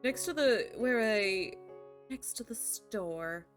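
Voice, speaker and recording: A woman's voice: medium pitch, animated, takes it slowly, faint music behind. A woman reading a visual novel aloud, putting on a goofy, dumb-sounding voice for a dim-witted young man. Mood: dopey.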